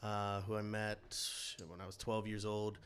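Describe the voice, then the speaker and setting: A man speaking as a podcast co-host in casual chat, laid-back and joking, often pausing with ums and uhs. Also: on the low side, flat delivery, a bit bright, smooth. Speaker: podcast co-host and former baseball player.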